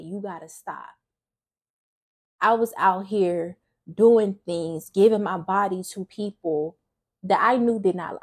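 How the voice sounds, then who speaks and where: A young woman talks openly about her faith and her past, earnest and emotional. Her voice is husky and of middle pitch. She speaks casually, often stopping to restart a sentence. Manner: casual speech with frequent restarts. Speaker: faith vlogger. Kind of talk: personal testimony talk.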